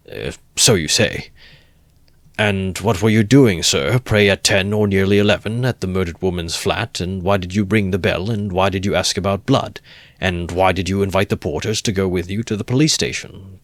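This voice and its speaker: Brief: man reading as a needling investigator, deep voice, dry close sound, teasing and ironical. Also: dry recording. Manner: teasing, good-humoured, needling questions. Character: sly, ironical middle-aged male investigator.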